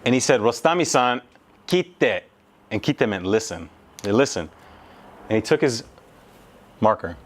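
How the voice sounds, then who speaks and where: A man's voice: on the low side, animated, normal speed, long pauses. Emphatic man telling a story on stage. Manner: emphatic, conversational, swears casually. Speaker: motivational speaker. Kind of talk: storytelling keynote speech.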